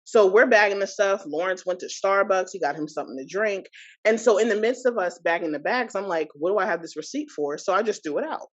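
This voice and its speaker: A woman in her thirties, a podcast guest, recounting a personal experience in an animated, indignant way with many asides. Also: mid-range voice, brisk, lo-fi sound. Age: 30s. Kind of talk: personal storytelling.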